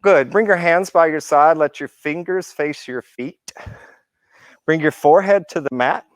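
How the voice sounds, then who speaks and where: Man leading a guided yoga class, higher-pitched, animated, encouraging counting, dry close sound. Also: a little slow, no echo. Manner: encouraging, counts through poses, playful asides. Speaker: yoga instructor. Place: indoor yoga class room.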